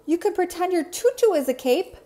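Lady doing a squeaky little monster kid, talks about himself in third person, big bouncy storybook voice. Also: animated, fairly quick, dark tone. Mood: eager. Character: small eager red furry monster boy, cheerful. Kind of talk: storybook read-aloud.

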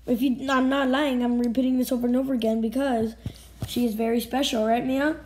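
A woman hosting a casual vlog, talking in a halting, emotional way and often dropping to a whisper. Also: on the high side, little pitch movement, darkish tone, low-quality recording. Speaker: channel host.

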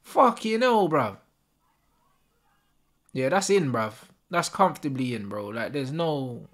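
A man's voice: mid-range voice, very animated, takes it slowly, a bit bright. Furious swearing man. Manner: furious, swearing constantly, slangy. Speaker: football fan channel host. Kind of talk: live match reaction rant.

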